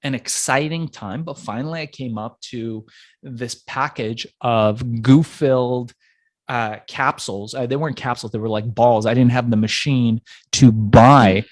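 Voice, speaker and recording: Dry-voiced man telling a lively story. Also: mid-range voice, unhurried, no echo. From Iran. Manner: acts out voices of people in his stories. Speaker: entrepreneur guest. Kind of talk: animated storytelling in an interview.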